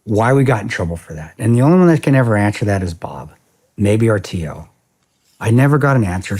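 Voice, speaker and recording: A man in his forties, a podcast guest, telling a story in a casual interview in a blunt, profane, animated way with lots of quoted dialogue. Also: on the low side, a little fast, husky. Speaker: podcast guest, former security contractor.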